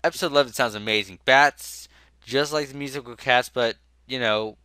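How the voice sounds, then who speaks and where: A man's voice: medium pitch, normal speed, bright, forceful tone, clear, resonant tone, dry recording. Sarcastic young man hosting a podcast. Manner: joking, sarcastic, reads a list with put-on voices. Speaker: podcast host. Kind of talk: casual comedic podcast chat.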